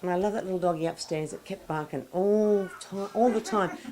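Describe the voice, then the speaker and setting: An Australian woman talks with a guest's chatty, effusive flow, tossing in local slang. Her voice sits at an ordinary middle pitch, and she speaks at an easy, conversational pace. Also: a little fast, heavy background noise. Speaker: party guest being interviewed. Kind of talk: casual interview chat. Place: indoor evening party.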